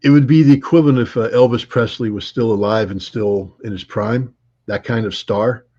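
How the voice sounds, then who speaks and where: A man telling travel anecdotes in an interview, rambling with many fillers, restarts and laughs, his voice husky. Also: mid-range voice, fairly even intonation, normal speed, dark tone. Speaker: interview guest. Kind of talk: conversational storytelling. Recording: dull lo-fi audio.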